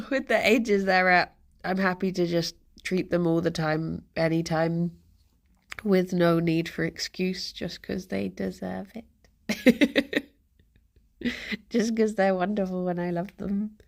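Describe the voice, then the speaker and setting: A woman's voice: lowish voice, steady tone, takes it slowly, vocal fry. A young woman chatting casually on a live stream, rambling and giggling often as she reads the chat aloud.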